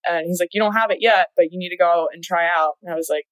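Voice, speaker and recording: This guest, a young-adult college athlete, is chatty, recounting her story with lots of laughter and many "like"s. Her lowish, steady voice moves at a quick pace, captured dry but with poor audio.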